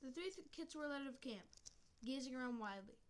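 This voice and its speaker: A woman's voice: sits high, lively intonation, fairly quick. Woman reading a cat story aloud. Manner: unpolished reading with restarts and chatty asides.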